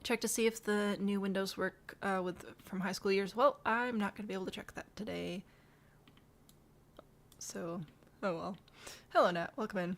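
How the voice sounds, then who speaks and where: A woman's voice: medium pitch, fairly even intonation, normal speed, vocal fry, long pauses. A young woman from the Midwest chatting casually on a live stream as she builds in a game, laughing often and murmuring to herself. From American Midwest.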